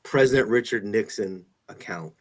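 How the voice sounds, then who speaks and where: A man interviewing a guest in a relaxed conversation, joking and laughing often. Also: lowish voice, normal speed. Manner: laughs often, loose and chatty. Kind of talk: casual chat.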